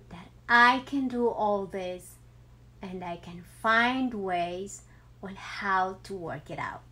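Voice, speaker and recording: A woman in her thirties talking heartfelt and emotional in a personal vlog, with many ums and pauses. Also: medium pitch, fairly bright tone. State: emotional, near tears. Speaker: vlogger.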